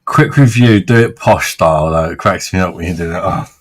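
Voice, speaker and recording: A man's voice: low voice, brisk. A man hosting a casual beer review, blunt and sweary, and he laughs often. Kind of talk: casual chat.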